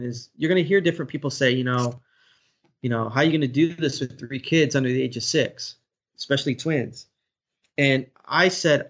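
A man's voice: mid-range voice, fairly bright tone. A man in his thirties, a sports broadcaster, speaking earnestly in a podcast interview and telling a personal story with many restarts. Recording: dull lo-fi audio.

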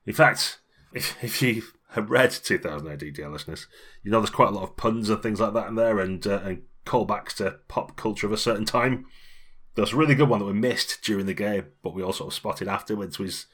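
A man's voice: fairly low pitch, fairly quick, a bit bright, breathy edge. A middle-aged British man co-hosting a role-playing podcast, chatting casually and rambling with frequent laughs. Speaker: podcast co-host.

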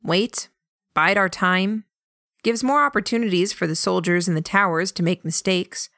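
A woman voicing a wry, tired young man in a dry, measured way. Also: fairly low pitch, fairly bright tone, no room sound.

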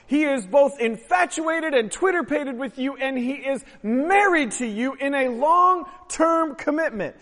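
Pastor guy preaching, really high voice, big echoey church, gets loud on the big lines. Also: animated, a little slow, few pauses. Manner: emphatic preaching, swells loud on key phrases. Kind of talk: sermon. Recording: long hall reverb.

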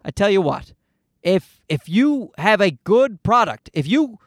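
A man's voice: high-pitched, sing-song, measured pace, dry recording, clean studio sound. A man from Canada hosting a podcast, ranting in a casual, profane, worked-up way. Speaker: podcast host. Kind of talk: casual solo rant.

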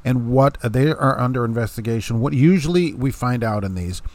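A man's voice: medium pitch, moderate pace, a little mellow, no room sound. A man hosting a podcast about trucking, talking casually in a folksy, emphatic way and answering his own rhetorical questions.

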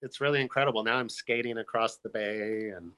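Bright-voiced enthusiastic male guest. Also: on the low side, steady tone, fairly quick, clean tone. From Canada. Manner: enthusiastic storytelling. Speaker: podcast guest. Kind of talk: casual chat.

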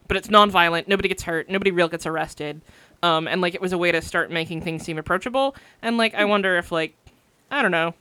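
A woman's voice: lowish voice, fast talker, bright, forceful tone, clean tone, dry recording. A woman on a casual movie podcast, rambling and thinking aloud with lots of "like" and "um". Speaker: podcast co-host.

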